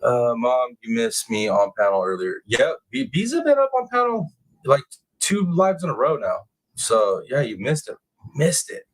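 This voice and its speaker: A man hosting a casual true crime livestream, reading chat comments aloud and bursting into excited, high-pitched exclamations. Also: normal speed, poor audio. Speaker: livestream host.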